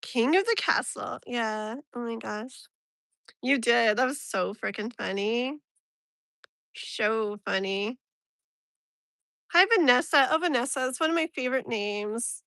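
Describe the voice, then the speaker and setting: A woman's voice: on the high side, unhurried, pauses often, pushed and bright, no echo, studio quality. A woman tarot reader chatting casually on a live stream from her phone, rambling and laughing often.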